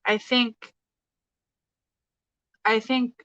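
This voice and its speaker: Halting woman giving a tarot reading. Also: fairly high pitch, little pitch movement, pushed and bright, no room sound, lo-fi sound. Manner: hesitant, halting, many fillers and restarts. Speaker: tarot reader. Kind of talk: casual live tarot reading.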